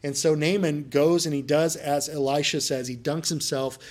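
A man's voice: fairly high pitch, fairly even intonation, moderate pace, a little mellow. A male pastor delivering a sermon, retelling scripture stories conversationally and building to emphatic preaching.

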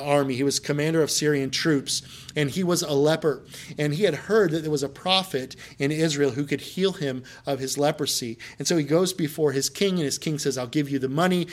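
A male pastor delivering a sermon, retelling scripture stories conversationally and building to emphatic preaching. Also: a little high.

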